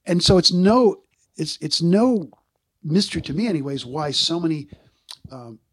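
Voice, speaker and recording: A man in his sixties, a former Marine, telling lively stories in a casual interview and acting out other people's voices. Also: on the high side, normal speed, breathy edge. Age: 60s. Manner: animated storyteller who acts out other people's voices. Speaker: guest, former Marine combat artist.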